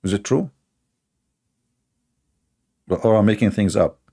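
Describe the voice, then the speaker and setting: A man's voice: on the low side, a little slow, warm tone, slightly rough. A man hosting a mocking commentary show, sarcastic and chuckling at his own jokes. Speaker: show host.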